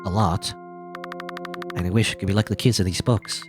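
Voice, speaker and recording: A man's voice: low voice, fairly even intonation, brisk, over music. A young man hosting a game playthrough, reading the story aloud and cracking wry, offhand jokes. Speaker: let's play host.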